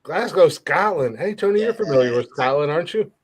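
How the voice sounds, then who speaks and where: A man's voice: on the high side, animated, brisk, crowd noise. A man hosting a comedy podcast, ribbing and egging on a rowdy guest. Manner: teasing, hyping up the guest. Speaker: podcast host.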